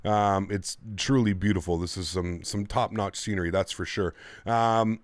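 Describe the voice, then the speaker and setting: A man's voice: low voice, fairly even intonation, normal speed, dry recording. A man streaming a flight simulator, chatting casually and thanking his viewers in a friendly way. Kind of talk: casual livestream commentary.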